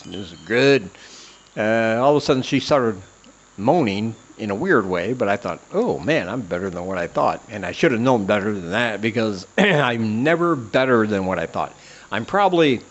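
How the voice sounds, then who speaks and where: A man with a mid-range voice tells a comic story from his own life, rambling along and making fun of himself. His audio is slightly dull and lo-fi. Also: medium pitch. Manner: rambling, self-deprecating, many "uh" fillers. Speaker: podcast host. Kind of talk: comedic personal storytelling.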